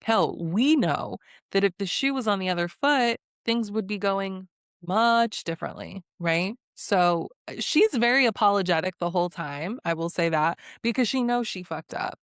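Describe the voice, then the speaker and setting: A young woman giving a casual, opinionated recap, sassy and quick to laugh between remarks. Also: medium pitch, animated, dry recording, clean studio sound. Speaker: recap vlogger. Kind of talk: casual reality-show recap.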